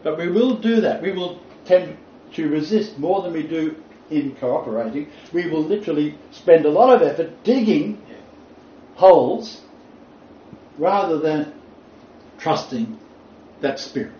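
A man's voice: on the high side, animated, measured pace, mellow, slight background noise. Emphatic man lecturing in an echoey room. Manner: emphatic, repeats key phrases. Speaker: Bible teacher. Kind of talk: lecture to a small group. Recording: roomy, distant, dull lo-fi recording.

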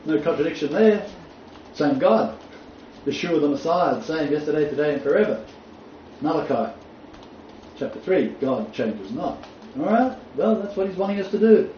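A man's voice: on the high side, lively intonation, moderate pace. A man preaching a sermon, quoting scripture emphatically and rising on key phrases. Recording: roomy, distant, dull, faint noise.

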